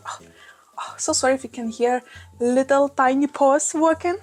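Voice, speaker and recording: A woman with a Russian accent chats casually to camera from a small room at home, gushing and quick to exclaim. Her voice sits a little high, with soft music playing faintly underneath. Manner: gushing, enthusiastic, exclaims often. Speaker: plant vlogger. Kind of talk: casual vlog. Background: soft background music.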